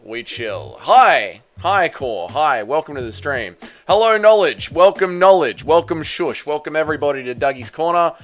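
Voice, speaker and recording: A man's voice: on the high side, very animated, normal speed, hardly any pauses, a bit bright. An Australian man hosting a casual livestream, chatting and greeting viewers one after another with plenty of slang. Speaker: livestream host.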